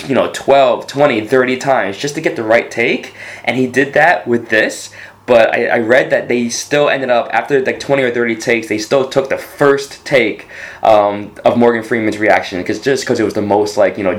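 A man co-hosting a podcast, casually discussing a movie and excitedly retelling a scene with lots of restarts. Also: mid-range voice. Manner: animated retelling, full of restarts. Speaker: podcast co-host.

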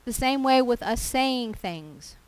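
Woman preaching, kinda high voice, earnest, leans hard on the scripture bits. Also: lively intonation, dry recording, low-quality recording. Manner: earnest, emphatic scripture reading with slow stresses. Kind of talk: sermon.

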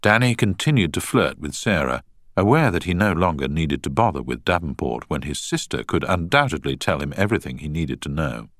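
Deep low male voice, lively expressive reading, audiobook narration, dry close sound. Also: a little fast, no echo. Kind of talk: scripted narration.

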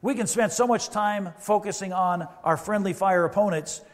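A man's voice: high-pitched, moderate pace. A man preaching a sermon as pastor, conversational, with asides and quoted voices. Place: church sanctuary. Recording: reverberant church hall.

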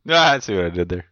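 A man on a casual podcast, halting and laughing often as a quiz contestant. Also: medium pitch, bright, forceful tone, dry recording, studio quality. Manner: laughs a lot, halting and reactive.

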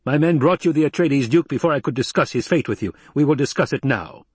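A man's voice: medium pitch, expressive, fast, dry recording, voice pushed up, close to an everyday voice. A man reading an audiobook and voicing an arrogant imperial soldier officer who growls his demands curtly. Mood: arrogant demanding. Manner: growling, curt and forceful.

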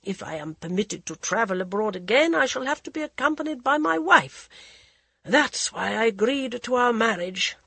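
Woman reading as a sardonic young prince, aloof, condescending, husky, dry. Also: on the high side, lively intonation, normal speed, bright, forceful tone, dry recording, pitched above the performer's own voice, heavily acted. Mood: cool.

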